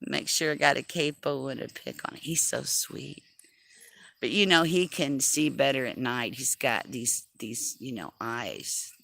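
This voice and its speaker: A woman's voice: extremely low pitch, gravelly, sharp tone, no echo. A woman chatting casually on a livestream, self-deprecating and laughing often as she talks. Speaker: livestream host.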